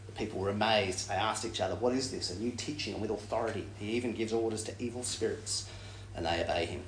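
A man giving a Bible teaching talk in a lively way, acting out quoted lines with big jumps in pitch. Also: fast talker, slight background noise. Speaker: preacher. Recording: echoey room.

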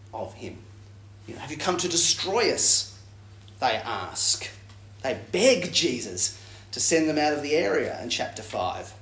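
Lively man teaching, echoey room. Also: a little hiss or hum. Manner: lively, acts out quotes with jumps in pitch. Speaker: preacher. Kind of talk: Bible teaching talk.

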